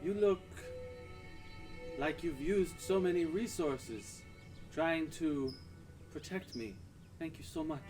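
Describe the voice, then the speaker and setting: A man's voice: on the high side, slow, pauses often, recorded from a distance, voice pushed up. A man doing a gracious, tearful fairy queen. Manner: gentle, gracious, softly persuasive. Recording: music playing behind.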